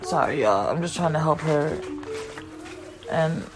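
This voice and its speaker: A woman's voice: deep voice, lively intonation, unhurried, over music. Rambling, blunt woman podcaster at home. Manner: rambling, blunt, easily sidetracked. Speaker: podcast host and mother. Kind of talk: casual chat to viewers.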